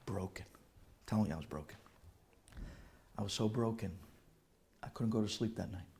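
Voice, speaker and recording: A man's voice: fairly low pitch, moderate pace, mellow, a little hiss or hum. A middle-aged man, a rabbi, telling a heartfelt story in a sermon, using Hebrew and Yiddish terms.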